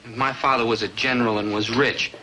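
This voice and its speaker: An actor playing a glum, lovesick teenage boy with a wry, deadpan manner. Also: mid-range voice, fast talker, slight background noise, close to an everyday voice, poor audio. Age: young adult.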